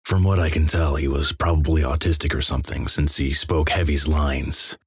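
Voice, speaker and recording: A man reads an internet story aloud in a flat, deadpan delivery. His voice is extremely low and noticeably husky. The sound is dry and close, with no room echo. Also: moderate pace. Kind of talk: reading a greentext story.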